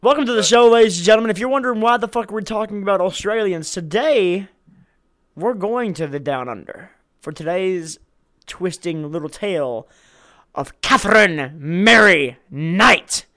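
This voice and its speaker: High-voiced joking podcast host man. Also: animated, moderate pace, pushed and bright. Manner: joking, swears, laughs a lot. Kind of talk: casual crude podcast banter.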